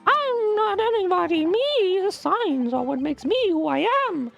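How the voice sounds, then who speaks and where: A woman voicing a shy, timid male witness who carries a sign, in a squeaky, hesitant, halting voice, as she reads a video game's lines aloud. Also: expressive, creaky, lo-fi sound, soft background music, full character voice. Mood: meek.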